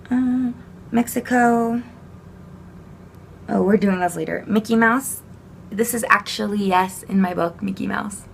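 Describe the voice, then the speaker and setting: A woman's voice: mid-range voice, gravelly, slight background noise. A young woman casually explaining sign language vocabulary to a home camera, chatty, with fillers and small laughs.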